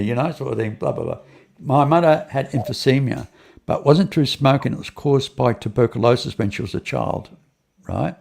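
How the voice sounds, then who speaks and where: This older man's voice is medium-pitched, creaky and a little mellow, and he talks a bit fast. As an interview guest, he winds through a lengthy personal tale, repeating phrases, starting over frequently, and voicing the characters' lines himself.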